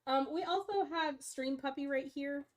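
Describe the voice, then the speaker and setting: A woman's voice: sits high, fairly even intonation, normal speed. A young woman streaming from home, chatting casually with viewers and talking baby talk to her dogs. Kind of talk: casual live-stream chat.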